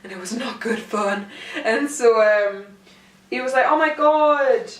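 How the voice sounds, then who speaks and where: A young woman speaks in a fairly high, steady voice at a measured pace. Chatting to camera from a room at home, she tells a rambling storytime that mocks herself, and the far mic leaves a roomy sound.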